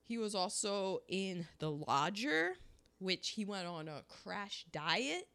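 A woman co-hosting a podcast in casual chat, talking with a sore throat and an animated manner. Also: slow pace. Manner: animated, rising to high exclamations. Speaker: podcast co-host. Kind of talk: casual chat about old movies.

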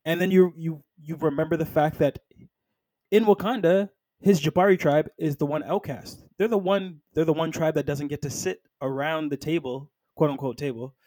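Animated man discussing a film. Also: a little high, moderate pace, no echo. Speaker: podcast co-host.

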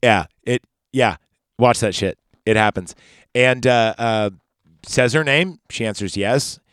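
A man's voice: medium pitch, measured pace, a bit bright, clean tone, no room sound, clean studio sound. A man hosting a casual podcast, recapping a movie from memory with profane, rambling rants and asides. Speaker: podcast host.

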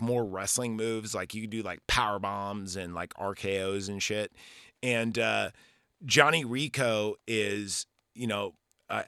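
This is a man in his forties hosting a podcast, recounting a movie in a loose, rambling way. He swears casually and leans on "like" and "you know." His voice sits a little low, and the sound is dry and close. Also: bright, forceful tone, dry recording. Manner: rambling and profane, full of fillers. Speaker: podcast host.

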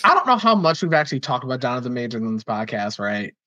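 A man's voice: medium pitch, very animated, fast, bright, forceful tone. A man co-hosting a podcast, chatting casually and laughing easily. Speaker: podcast co-host. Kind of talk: casual chat. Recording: dull lo-fi sound.

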